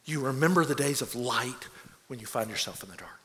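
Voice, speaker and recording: A man's voice: medium pitch, expressive, brisk, a bit bright, big-room sound. A man preaching a sermon as a pastor, earnest, repeating words as he presses his points.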